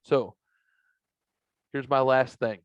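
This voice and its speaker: A man co-hosting a podcast, telling profane, exaggerated comic stories in a casual, animated way. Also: mid-range voice, slow pace, smooth, no echo, lo-fi sound. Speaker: podcast co-host. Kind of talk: casual comedic storytelling.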